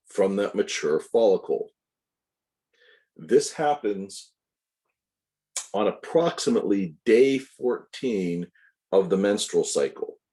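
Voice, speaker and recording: This recorded anatomy lecture features a male instructor with a deep, dark, mellow voice. He proceeds step by step, correcting himself along the way and slipping in asides for the class.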